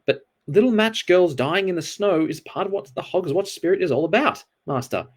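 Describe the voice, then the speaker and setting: A man voicing an anxious old male servant in a read-aloud storybook scene, with a higher, pinched delivery. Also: big pitch swings, a little fast.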